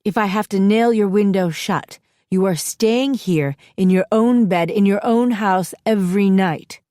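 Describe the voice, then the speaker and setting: A woman's voice: medium pitch, unhurried, mellow, no room sound, clean studio sound, lightly acted. A woman narrator voicing a stern, weary mother who is firm and sarcastic with her teenage daughter.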